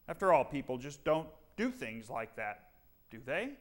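A man preaching a sermon as pastor, dramatic and full of rhetorical questions, leaning on slow, emphatic pauses. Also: medium pitch, very animated.

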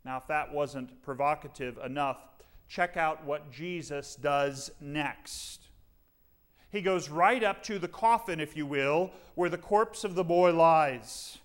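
A male pastor delivers a sermon in a measured, unhurried cadence, his voice sitting a little higher than most men's. He works the congregation with rhetorical questions and stretches out key words for weight. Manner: dramatic, rhetorical questions with slow emphatic pauses.

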